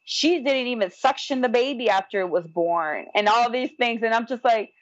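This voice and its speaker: A young adult woman telling a personal story in casual, animated talk, acting out the people she quotes. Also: on the high side, normal speed, muffled recording. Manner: animated, acts out quoted voices, frequent "like". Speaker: guest telling her birth story.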